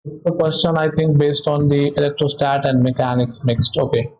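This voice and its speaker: A man with an Indian English accent, a physics teacher walking through test solutions in a halting way, often correcting himself. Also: on the high side, steady tone, a little mellow. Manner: halting, self-correcting explanation with many "okay"s. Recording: dull lo-fi audio.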